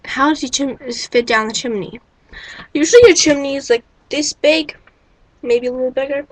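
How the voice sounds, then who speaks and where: Woman, webcam vlogger, slightly high voice, wry rambling with endless rhetorical questions. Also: moderate pace, dry recording, low-quality recording. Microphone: built-in webcam mic.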